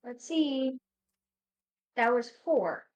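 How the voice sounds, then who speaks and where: A woman's voice: sits high, expressive, extremely slow, low-quality recording. A woman playing a tabletop game on stream, thinking aloud hesitantly and giggling. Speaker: player.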